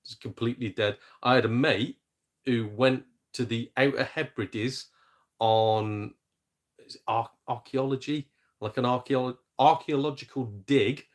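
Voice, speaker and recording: On a gaming live stream, a young man from England's Shropshire, close to the Welsh border, talks casually in a steady, mid-range voice. Expect easy laughter, jokes and light swearing in his chatty delivery.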